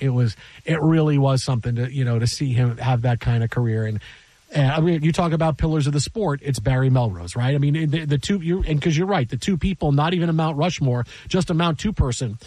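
A man's voice: mid-range voice, dark tone, dry recording. A man hosting sports radio in a studio, telling a story with lots of energy, acting out quotes and laughing often. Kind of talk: casual sports radio chat. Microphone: studio mic.

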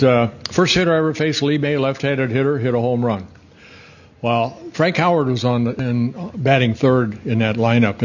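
A man's voice: medium pitch, slight background noise. Older male guest, rambling anecdotal storyteller, chuckles, slightly muffled audio. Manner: rambling, self-correcting, chuckles at his own stories. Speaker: former pitcher and guest. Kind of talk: casual interview storytelling.

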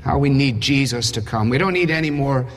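Emphatic preacher with a husky voice. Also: male voice, mid-range voice, animated, fairly quick. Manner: emphatic, rhetorical questions, dry humor. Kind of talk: sermon. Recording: husky voice in reverberant hall.

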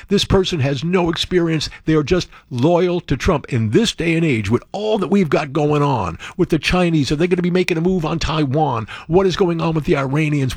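A male host reads news items and keeps interrupting himself with sarcastic, joking commentary. His pitch swings widely from flat reading to excited yelps. The sound is close and dry, with no room around it. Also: no echo. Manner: wisecracking, sarcastic asides, animated outbursts. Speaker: show host.

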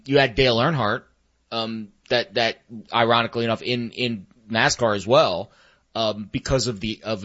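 A man's voice: mid-range voice, fairly bright tone. Reflective man with muffled sound. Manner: reflective, many fillers and restarts. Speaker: sports talk co-host. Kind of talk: casual sports chat. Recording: dull lo-fi sound.

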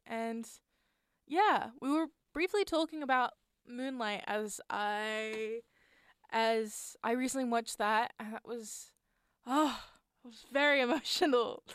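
A woman's voice: a little high, smooth, no room sound, clean studio sound. A young woman hosting a radio show, rambling chattily between tracks and often trailing off and restarting. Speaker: radio host. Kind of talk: casual radio presenting. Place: radio studio.

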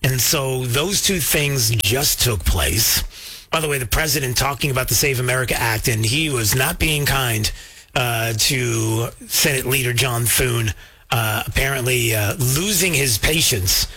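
Guy hosting a political show, husky but bright voice, lots of uhs. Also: mid-range voice, measured pace. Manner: casual, lots of uh fillers, talks to viewers. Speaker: host. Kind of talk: political commentary.

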